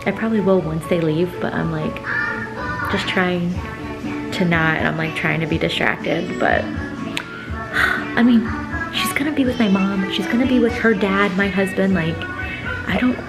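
A woman's voice: on the low side, normal speed, vocal fry, pauses often, loud music behind the voice. A woman in her thirties chatting casually to her phone camera at home as a mom vlogger, talking with feeling and laughing often. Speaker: vlogger, mother. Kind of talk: casual vlog chat. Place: home, indoors.

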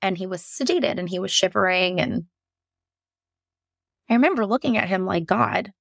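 Gravelly-voiced woman telling a raw story. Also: medium pitch, normal speed, no echo, studio quality. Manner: emotional, frank, swears, many fillers. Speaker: guest telling her birth story. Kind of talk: candid personal storytelling.

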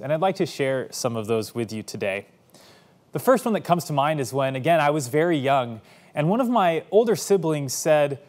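A man in his thirties, a pastor telling stories from his childhood in a sermon, animated and acting out the voices in them. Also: medium pitch. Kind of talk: sermon storytelling.

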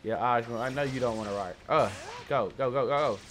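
A young man hosting a casual let's-play, chatting in slang and reacting loudly to the game. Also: mid-range voice, brisk, faint music behind. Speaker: gaming channel host.

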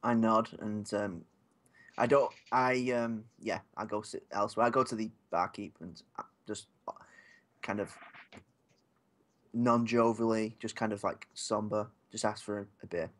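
A man's voice: lowish voice, steady tone, unhurried. A man playing in a tabletop game, thinking aloud with hesitant restarts. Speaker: player. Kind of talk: tabletop role-play.

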